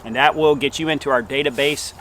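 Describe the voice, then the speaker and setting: Man, camp cooking host, folksy and chatty, mid-pitched voice, outdoors with faint background noise. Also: steady tone, fast talker, fairly bright tone. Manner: folksy, friendly, talks straight to viewers. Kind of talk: casual outdoor cooking demonstration. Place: outdoors in the woods.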